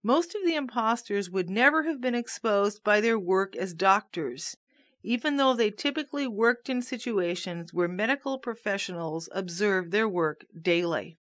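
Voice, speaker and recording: A woman reading aloud from a nonfiction book in a steady, measured way. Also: medium pitch, no echo.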